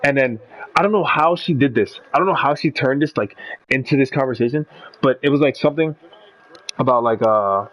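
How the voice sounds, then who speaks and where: A man's voice: mid-range voice, fairly quick, fairly bright tone, no echo, poor audio. A man streaming a video game, chatting casually in a rambling, profane way. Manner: rambling and profane, full of fillers. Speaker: gaming streamer. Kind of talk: casual chat while playing a video game.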